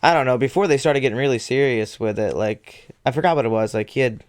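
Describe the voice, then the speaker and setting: Man, casual football chat, laid-back, hesitant, mid-pitched voice. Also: quick pace.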